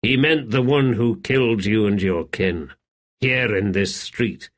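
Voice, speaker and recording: A man voicing a calm, watchful male slave in a quiet, measured manner. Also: fairly low pitch, close to an everyday voice.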